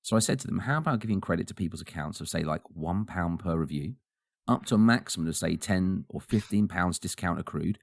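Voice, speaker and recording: Deep gravelly man ranting on a podcast. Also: brisk, dry recording, studio quality. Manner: animated, ranting, laughs often. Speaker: podcast co-host. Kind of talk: casual chat.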